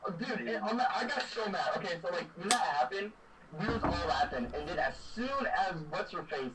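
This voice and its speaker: A young man co-hosting a podcast, telling stories in a laughing, animated way. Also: sits high, brisk, a loud crowd. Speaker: podcast co-host. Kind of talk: casual storytelling chat. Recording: distant mic with noise behind.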